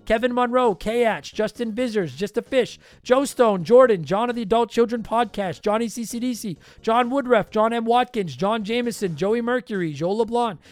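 A man with a very high, tired-sounding, worn voice hosts a podcast in a dry setting with no room sound. Joking casually at his own expense, he rapidly reads out a lengthy list of patron names.

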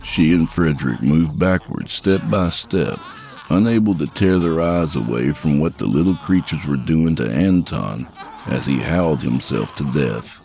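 A man reads a horror tale in a measured, dark manner. His voice is extremely deep and full of gravelly fry. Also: expressive. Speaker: horror story narrator. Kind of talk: scripted narration.

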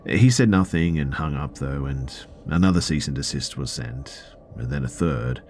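Man with an extremely deep voice. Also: animated, moderate pace, a little mellow, slight background noise. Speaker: narrator. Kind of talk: first-person story narration.

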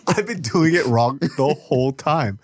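A man's voice: fairly high pitch, lively intonation, slow, breathy edge, no room sound. A young man from Sacramento co-hosting a casual podcast chat, joking, swearing and laughing often. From Sacramento, California. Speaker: podcast co-host.

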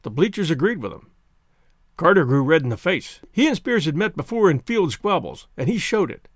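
An expressive male audiobook narrator delivers scripted first-person narration in a slightly high voice at a moderate pace. The studio sound is clean, with no room sound.

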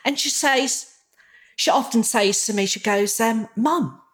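A woman's voice: on the high side, unhurried. Candid woman in her sixties telling her story. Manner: candid, animated, acts out quoted dialogue. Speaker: guest. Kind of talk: personal storytelling in an interview.

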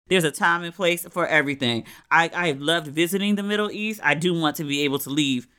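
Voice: mid-range voice, fairly quick, sharp tone, smooth. An American talking casually and candidly about their travels in a solo recording, swearing freely and acting out what others said. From United States.

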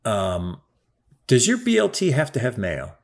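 A man's voice: medium pitch, huge pitch swings, unhurried, vocal fry. A man talking in a casual, emphatic chat, swearing now and then.

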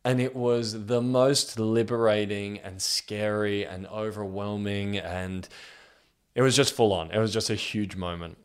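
A young man, telling a personal story in a candid, heartfelt way with soft laughs. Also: on the low side, fairly even intonation, unhurried, clear, resonant tone.

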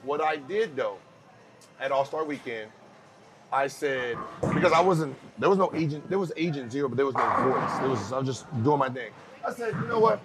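Man, podcast host, casual chat, animated storytelling, acts out quotes, slightly high voice, noisy recording.

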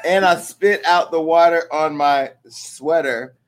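A man's voice: on the high side, slow pace. A man hosting his show in a rambling, crude and joking monologue. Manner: bawdy, rambling, joking asides. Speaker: show host. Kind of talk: casual crude comedic monologue.

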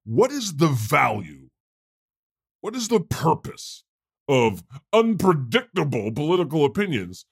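A man's voice: fairly high pitch, gravelly, breathy edge, dry recording, clean studio sound, full character voice. A man playing God, a chatty male deity who hosts an improvised comedy podcast. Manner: conversational, quick to laugh, animated. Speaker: host.

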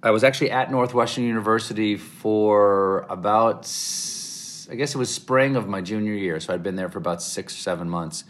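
A man from the American South, answering interview questions with animated, rambling stories full of restarts. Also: on the low side, moderate pace. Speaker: interview guest.

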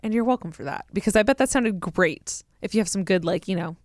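A woman's voice: mid-range voice, quick pace, dry recording, studio quality. A woman co-hosting a podcast in casual, joking chat, teasing her co-host. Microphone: studio microphone.

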